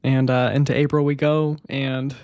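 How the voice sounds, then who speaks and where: A man's voice: medium pitch, level tone, moderate pace, darkish tone, dry recording, clean studio sound. A young man hosting a casual solo podcast about music, rambling with enthusiasm, laughing often and peppering his talk with "like" and "man". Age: young adult. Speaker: podcast host.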